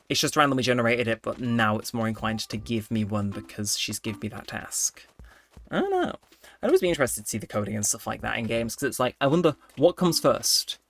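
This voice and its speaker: A man giving chatty, rambling commentary while playing a cozy life-sim game, thinking out loud. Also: medium pitch. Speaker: let's play host.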